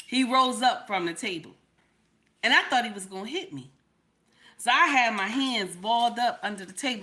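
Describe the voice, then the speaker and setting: A woman's voice: medium pitch, sharp tone. A woman, telling a personal story to viewers in a sassy, emphatic way and often checking in with "okay?". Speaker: relationship commentator.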